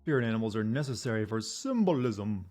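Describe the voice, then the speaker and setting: A man chatting casually with his viewers while streaming a game, in a flat, deadpan voice. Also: on the low side, fairly quick, soft background music. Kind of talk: casual livestream chat.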